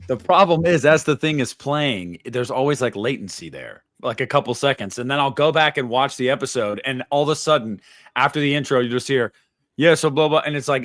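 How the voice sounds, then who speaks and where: A man's voice: medium pitch, fairly bright tone, no echo. Chatty upbeat man, dry close voice. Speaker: podcast host. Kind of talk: casual chat.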